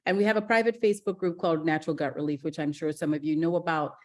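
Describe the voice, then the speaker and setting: This is a middle-aged woman, born in Ghana, running an online masterclass on digestive health. Her voice sits a little low for a woman. She talks with eager energy, full of fillers and quick self-corrections. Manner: energetic, chatty, frequent fillers and restarts. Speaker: gastroenterologist presenting a masterclass. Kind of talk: live online masterclass talk.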